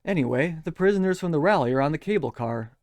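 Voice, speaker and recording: A man's voice: a little high, expressive, quick pace, a little mellow, no room sound. A man giving scripted, sarcastic commentary as a show critic, scathing, mocking and profane.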